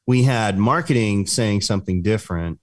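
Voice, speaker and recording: A man's voice: fairly low pitch, moderate pace, no room sound, clean studio sound. A man co-hosting a business talk show, explaining points fluently and checking in with "right?". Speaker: podcast co-host.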